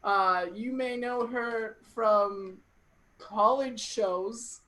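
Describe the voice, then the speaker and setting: A woman's voice: fairly high pitch, very slow, fairly bright tone, slight background noise, rough recording. A young woman hosting an online comedy show, cracking puns and laughing at her own jokes over a computer mic. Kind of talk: casual stand-up hosting. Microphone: computer mic on a video call.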